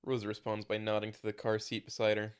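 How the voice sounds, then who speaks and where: Casting note: a low-pitched male reader narrating a story casually, tripping over a word now and then. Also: completely flat delivery, fast talker, smooth. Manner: reads with small stumbles and restarts. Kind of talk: casual reading of a fan story.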